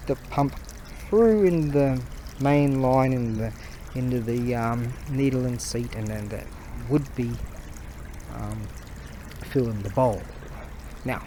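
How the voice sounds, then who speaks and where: A man's voice: mid-range voice, a little mellow, a little hiss or hum, low-quality recording. A man vlogging outdoors, telling long rambling stories full of slang, swearing and fillers. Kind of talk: rambling casual storytelling.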